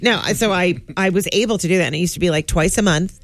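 A woman's voice: fairly low pitch, fast talker, no echo. A middle-aged woman, a guest actress, telling funny self-mocking stories in casual talk-show chat. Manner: animated storyteller, self-mocking jokes.

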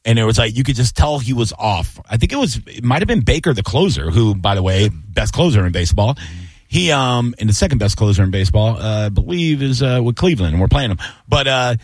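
A man hosting a casual sports radio talk show, telling animated, jokey stories and acting out quotes. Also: mid-range voice, a little fast, dry recording. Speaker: radio host and comedian.

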